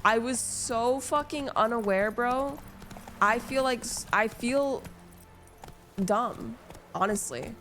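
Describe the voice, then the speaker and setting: A woman's voice: on the high side, slow, a bit bright, soft background music. A young woman, chatting casually with her stream while gaming, rambling and self-deprecating with lots of fillers.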